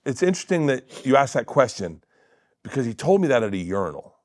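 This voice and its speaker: A middle-aged man telling a long funny story as a guest on a talk show, acting out the other people's voices and laughing loudly. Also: medium pitch, sing-song, a little fast, no room sound, studio quality. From Florida. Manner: acts out quoted voices, loud bursts of laughter. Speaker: comedian guest.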